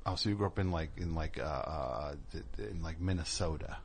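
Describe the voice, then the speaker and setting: A man's voice: very deep voice, brisk, gravelly, a little hiss or hum. A man hosting a comedic radio show, teasing his guests and callers with jokes and stumbling restarts. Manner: joking, teasing, stammering restarts. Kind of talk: casual comedic radio banter.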